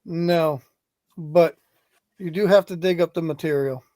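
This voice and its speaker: Guy with a higher but mellow voice, quizzing the others, dry sound. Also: a little slow, dry recording. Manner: teasing, poses a guessing riddle, short replies. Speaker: guest on a livestream. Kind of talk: casual chat.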